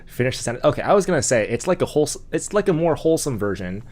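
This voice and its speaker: A man chats his way through a game stream, riffing on odd jokes and restarting his sentences often. His voice sits at a middle pitch, neither deep nor high. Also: sing-song, very fast, darkish tone. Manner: rambling, joking, stammering restarts. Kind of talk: casual gaming stream chat.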